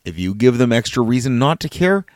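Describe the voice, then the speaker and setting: A man's voice: medium pitch, big pitch swings, brisk, a little mellow, no echo, clean studio sound. A man in his thirties telling a blunt, profane everyday story. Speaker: customer service worker telling a story. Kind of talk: casual storytelling.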